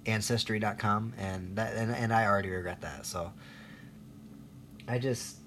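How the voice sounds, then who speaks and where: A low-voiced man in his thirties rants through a loose, profane monologue, sarcastic and rambling as he laughs at his own jokes. A faint hiss of noise sits behind him. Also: fairly even intonation, normal speed, fairly bright tone. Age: 30s. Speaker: vlogger. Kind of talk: ranting monologue.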